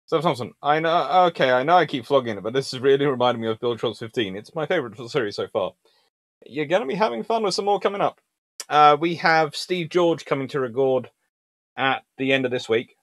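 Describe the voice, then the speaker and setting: A man's voice: medium pitch, fairly quick, dry recording. A man hosting a casual history livestream, reading out lists of ships and chatting with viewers. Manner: lively and chatty, reading names in a sing-song list. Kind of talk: casual lecture reading ship lists and answering chat.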